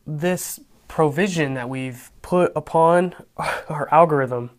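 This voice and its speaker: A young man teaches a tutorial in a hushed, raspy voice, his throat sore. He keeps the tone casual and chatty, slipping in self-deprecating asides between explanations. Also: a little high, slow. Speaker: programming instructor.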